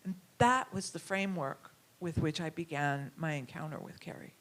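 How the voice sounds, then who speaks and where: A woman's voice: low-pitched, normal speed, a bit bright. A middle-aged woman from the United States, a curator being interviewed, talking reflectively and thinking aloud with fillers and restarts. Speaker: curator and writer, guest. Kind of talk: conversational interview talk.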